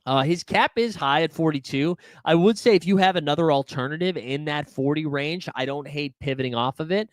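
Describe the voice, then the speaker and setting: Guy in his 30s hosting a fantasy hoops stream, kinda high voice, super dry sound, chill and jokey. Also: brisk, no echo. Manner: chatty, laid-back, jokey, lots of filler words. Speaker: fantasy sports host. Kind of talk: live-stream Q&A, casual chat.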